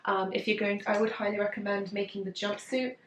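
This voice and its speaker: In a room at home, a young British sewing vlogger chats casually about her handmade clothes, giggling and filling her talk with fillers and asides. Her mid-range, slightly bright voice holds a steady tone at a fairly quick pace, and the recording is reverberant with slight background noise.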